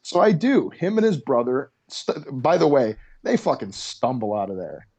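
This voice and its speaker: A man's voice: mid-range voice, sing-song, moderate pace, vocal fry, a little mellow, breathy edge. Profane, fired-up male comedian telling a story. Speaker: comedian guest. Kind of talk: casual storytelling chat.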